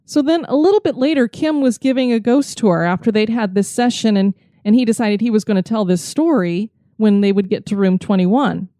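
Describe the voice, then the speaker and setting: A woman co-hosting a podcast, telling a story in a lively way into a close mic. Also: on the high side, brisk, few pauses, no echo. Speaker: podcast co-host.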